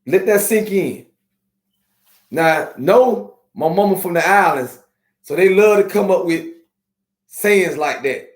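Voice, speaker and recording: A man hosting a podcast, talking casually and streetwise to his viewers, slowing down to preach his points. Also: high-pitched, animated. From Miami. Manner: streetwise, preachy, drawn-out slow emphasis. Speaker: podcast host. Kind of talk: casual live-stream talk to viewers. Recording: echoey room.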